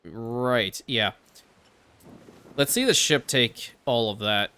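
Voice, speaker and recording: A man's voice: medium pitch, takes it slowly, sharp tone, smooth. A man hosting a strategy game let's play, thinking aloud and swearing casually as he plays. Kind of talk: casual gameplay commentary.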